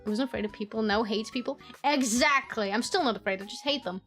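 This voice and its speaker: High-voiced woman streamer, swearing and laughing. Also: quick pace, fairly bright tone, faint music behind. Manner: swears freely, laughs often, mimics family members in high voices. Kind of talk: casual storytelling chat with viewers.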